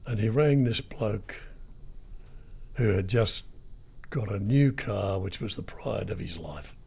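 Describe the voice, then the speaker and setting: A man's voice: on the low side, animated, slow pace, creaky, darkish tone, slight background noise. An older Australian man, a retired radio broadcaster, telling rambling anecdotes in an interview. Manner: rambling storyteller, lots of ums and restarts.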